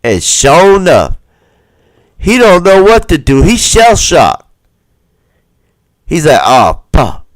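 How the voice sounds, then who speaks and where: A man comments on video footage during a livestream, taking his time and swinging his fairly high voice up and down. He swears freely and keeps pressing viewers with rhetorical questions. The sound is dry and close. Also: sing-song, slow, long pauses, no echo. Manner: acts out the people in the footage in quoted voices. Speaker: livestream host.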